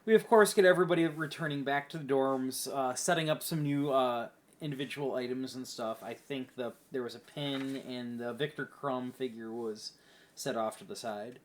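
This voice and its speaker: A man's voice: medium pitch, moderate pace, slight background noise. A man co-hosting a casual book podcast, talking in a rambling way full of fillers. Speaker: podcast co-host.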